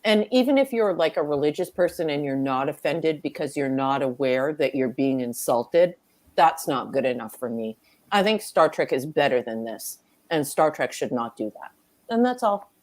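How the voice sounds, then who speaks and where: A woman with a notably low speaking voice joins a casual podcast chat. She lays out her opinions earnestly and thoughtfully, building her points at length. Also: expressive, moderate pace, darkish tone. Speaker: podcast co-reviewer.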